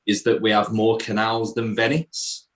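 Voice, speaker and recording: A man in his late twenties with a Birmingham accent, doing a stand-up set in a flat, deadpan, bleak-sounding voice. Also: lowish voice, moderate pace. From England. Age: late 20s. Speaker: stand-up comedian. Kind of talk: stand-up set on a video call.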